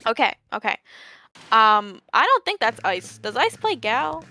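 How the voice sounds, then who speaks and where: A woman's voice: a little high, big pitch swings, unhurried, sharp tone, faint music behind. A young woman commentating a live esports tournament, joking in playful mock outrage and wandering off on tangents.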